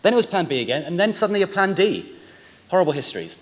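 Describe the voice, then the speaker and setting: A man's voice: sits high, big pitch swings, fast, a little hiss or hum. A man in his forties giving a chatty, self-deprecating acceptance speech, a little emotional and rambling. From England. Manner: chatty, jokey, rambling with restarts. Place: large ceremony hall. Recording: long hall reverb.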